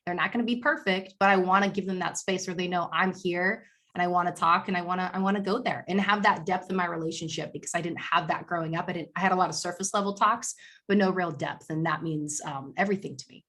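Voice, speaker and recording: A woman's voice: on the low side, steady tone, fast, a bit bright. A young woman on the team, speaking in a sincere, reflective way. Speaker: team member.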